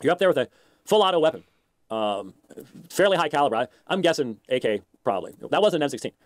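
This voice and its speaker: A man commenting in a played clip, speaking haltingly with frequent pauses. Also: fairly high pitch, very animated, dry recording, clean studio sound.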